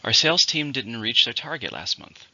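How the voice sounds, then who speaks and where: Bright-voiced male English teacher, lo-fi. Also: mid-range voice, lively intonation, no room sound. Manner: slows down and stresses syllables when modelling words. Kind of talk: vocabulary lesson.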